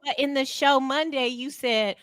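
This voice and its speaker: Woman reading shout-outs, dry sound. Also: sits high, steady tone, normal speed, no room sound. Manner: upbeat shout-outs, teasing asides. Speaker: co-host reading viewer donations. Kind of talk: casual sports talk.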